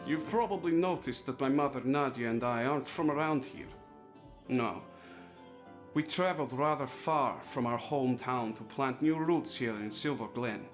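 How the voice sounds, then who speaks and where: Guy doing an earnest young son in a game, mid-pitched, steady voice. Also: moderate pace, faint music behind, lightly acted. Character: young adult son, earnest, protective of his mother. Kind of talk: video game voice acting.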